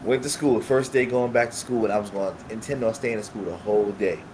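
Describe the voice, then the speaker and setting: A man's voice: fairly low pitch, quick pace, noisy background. A man, telling stories in casual chat and acting out the people in them, with heavy street slang. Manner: animated storyteller acting out quoted voices, heavy street slang. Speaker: podcast co-host.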